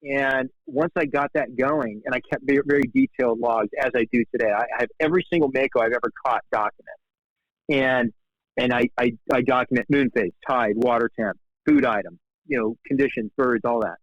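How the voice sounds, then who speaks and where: A man's voice: a little fast, no echo. A man in his fifties, a fly fishing guide telling casual stories as a guest. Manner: animated, acts out quoted dialogue with big pitch jumps. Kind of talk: casual storytelling in conversation. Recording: dull, dry podcast audio.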